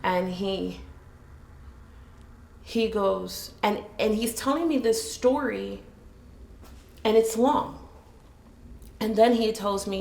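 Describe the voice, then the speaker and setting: A woman from Jamaica telling a painful personal story in an earnest, halting way, with many restarts. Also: mid-range voice, creaky, darkish tone. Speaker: business owner telling her story. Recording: roomy echo.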